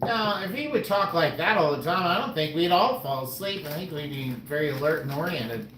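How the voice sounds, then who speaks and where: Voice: medium pitch, lively intonation, a little fast, echoey room, distant mic, background noise. A co-host on a live-stream sale who chats casually with dry, teasing remarks.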